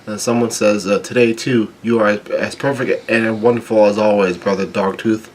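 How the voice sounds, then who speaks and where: A man reading a comic chapter aloud, stumbling, restarting words and filling pauses with ums. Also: lowish voice, steady tone, darkish tone, slight background noise. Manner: halting, with frequent restarts and ums. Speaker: manga chapter reader.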